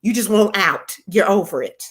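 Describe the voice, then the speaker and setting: A woman's voice: lively intonation, moderate pace. A middle-aged woman hosting a casual live-stream chat, reading viewer comments and telling a funny story, laughing often. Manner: chatty, laughs often, playful exaggerated swoops in pitch. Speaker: host of a live chat show.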